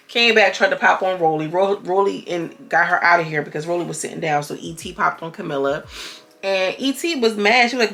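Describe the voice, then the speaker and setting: Sassy gravelly woman recapping reality TV. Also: on the low side. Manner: animated, sassy, retells scenes in quoted voices. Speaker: reality TV commentator. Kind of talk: casual recap commentary.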